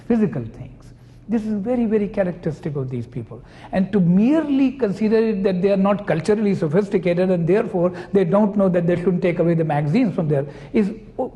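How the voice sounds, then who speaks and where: A man's voice: sits high, mellow, muffled recording. A man, a psychoanalyst, giving an academic lecture and explaining his points patiently through clinical examples.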